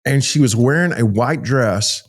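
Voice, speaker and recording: Appearing as a podcast guest, a middle-aged pastor tells an emotional story vividly in conversation, acting out the dialogue and repeating phrases for emphasis. His voice is medium-pitched and unhurried.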